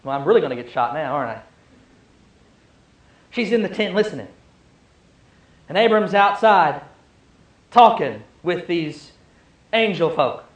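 A man's voice: fairly high pitch, lively intonation, measured pace, long pauses, echoey room. A male pastor preaching a sermon, telling the story with emphasis and joking asides to the congregation.

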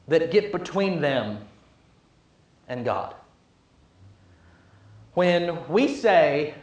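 A man preaching a sermon, emphatic and building through repetition, then dropping to a hush. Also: a little high. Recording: echoey room.

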